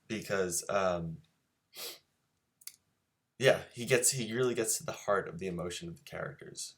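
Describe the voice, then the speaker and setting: Laid back guy teaching a drawing stream, low voice, lots of ums, chatty with the chat. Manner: easygoing, filler-heavy, chatty with viewers. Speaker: drawing teacher and show host. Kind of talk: casual live-streamed drawing lesson.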